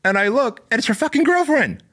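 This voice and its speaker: A man's voice: very high-pitched, sing-song, fairly quick, a bit bright. A man hosting a podcast, telling a story in a casual, emphatic, profane way. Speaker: podcast host. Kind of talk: storytelling monologue.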